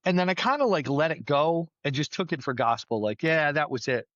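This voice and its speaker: A middle-aged man, a battalion chief, telling firefighting stories in a casual podcast chat, plainspoken and lively. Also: on the high side, fairly quick, no room sound, highs cut off. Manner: storytelling, animated, plainspoken with mild swearing.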